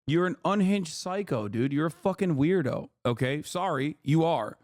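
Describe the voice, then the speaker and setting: A man hosting a livestream, his voice pitched a little above the usual male range. He lectures his chat in an exasperated, profane rant, and the sound is close and dry with no room echo. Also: lively intonation, moderate pace, a little mellow. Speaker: livestream host.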